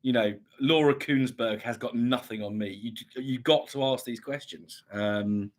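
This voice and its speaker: A man from England chats through a home livestream, reading viewer comments aloud and answering them. His talk wanders, full of ums and restarted phrases, at an ordinary middle pitch. A slight cough still lingers in his voice from a recent illness. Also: moderate pace. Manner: chatty, rambling, many ums and restarts. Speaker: livestream host reading chat. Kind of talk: casual chat.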